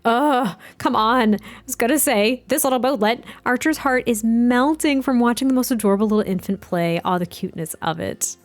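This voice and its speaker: A woman's voice: fairly high pitch, moderate pace, hardly any pauses, dry recording. A young adult woman giving casual let's-play commentary, chatty and giggly, rambling with lots of fillers. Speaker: gaming video host. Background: faint background music.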